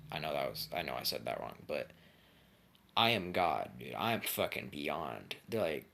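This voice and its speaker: A man's voice: a bass voice, very animated, normal speed, vocal fry, fairly bright tone. A young man telling a made-up story in a casual, rambling way, full of slang and swearing.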